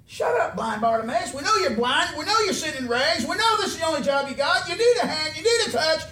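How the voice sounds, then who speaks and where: A man's voice: very high-pitched, expressive, fast, sharp tone, voice pushed up, exaggerated voice. A man voicing a scornful crowd that mocks and scolds a beggar. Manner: mocking, scolding. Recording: echoey room, distant mic, faint noise.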